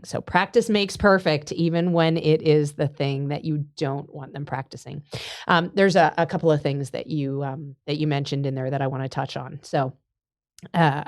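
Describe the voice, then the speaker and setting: Woman, low voice, podcast co-host, dog trainer, relaxed explanatory chat. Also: no echo, clean studio sound. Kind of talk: casual conversational podcast.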